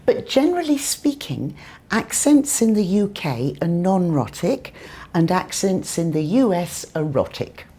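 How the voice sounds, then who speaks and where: A British woman with a non-rhotic accent leads a pronunciation lesson. Her voice sits fairly low yet swoops widely in pitch, and she speaks slowly, with a soft, mellow, slightly husky tone. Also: big pitch swings. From Britain. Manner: clear, careful modelling of words. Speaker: English teacher, co-host.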